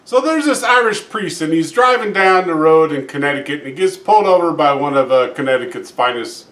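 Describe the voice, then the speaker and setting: A man telling jokes in a casual, folksy way, with lots of "uh" fillers, acting out characters in higher voices. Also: animated, fairly quick, a bit bright. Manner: folksy, frequent "uh" fillers, acts out characters with raised pitch. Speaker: joke teller. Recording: roomy echo, distant from mic.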